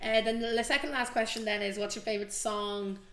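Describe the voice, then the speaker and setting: Dublin Irish woman host, playful and sweary, slightly high voice, echoey room. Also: fairly even intonation, brisk, fairly bright tone. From Swords, North Dublin, Ireland. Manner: playful, swears freely, bursts into sung snatches. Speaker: podcast host. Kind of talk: casual chat. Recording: roomy echo.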